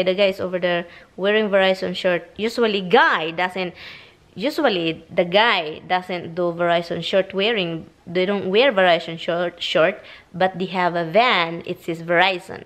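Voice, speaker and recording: Filipino-accented woman vlogger, chatty home storyteller, mid-pitched everyday voice. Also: low-quality recording. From Philippines. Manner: chatty, animated storytelling with Tagalog mixed in. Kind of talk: casual vlog chat.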